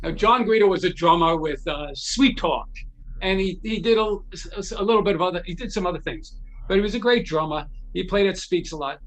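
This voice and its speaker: A man's voice, pitched high and a little fast, comes through on a low-quality recording. He's a guest telling casual anecdotes, animatedly acting out the voices of people he quotes and often restarting his words.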